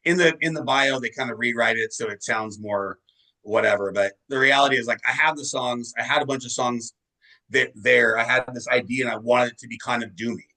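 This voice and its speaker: A man's voice: mid-range voice, a little fast, bright, forceful tone, rough recording. A male musician being interviewed, telling long rambling anecdotes in casual chat and swearing freely. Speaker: musician guest.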